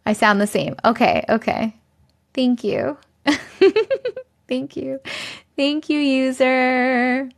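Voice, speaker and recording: A woman's voice: high voice, animated, extremely slow, creaky, pauses often. A woman hosting a livestream from her basement on a regular microphone, chatting casually, laughing often and thanking viewers as she reads their comments aloud. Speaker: livestream host. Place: home basement.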